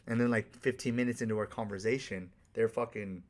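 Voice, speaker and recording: A man's voice: fairly low pitch, fairly even intonation, a little fast. A man who works as a life coach, giving a candid, profane, conversational solo monologue on a podcast.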